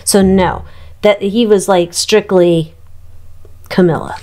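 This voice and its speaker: A woman's voice: medium pitch, steady tone, slow pace, a little mellow. Gossipy woman giving a tarot reading. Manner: gossipy, irreverent, frequent ums and laughs. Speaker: tarot reader. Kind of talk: casual chatty tarot reading.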